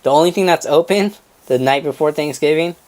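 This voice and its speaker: A young man with a fairly high voice talks quickly on a casual podcast where he's a co-host, animatedly recounting a family story. He imitates his relatives' voices, swears freely, and breaks into laughter mid-story, over a slight hiss or hum.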